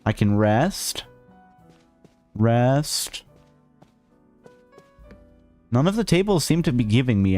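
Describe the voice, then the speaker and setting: A man's voice: mid-range voice, a little mellow. A man streaming a video game, joking and ranting sarcastically while reading the on-screen text aloud. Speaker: VTuber streamer. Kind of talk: casual let's-play commentary.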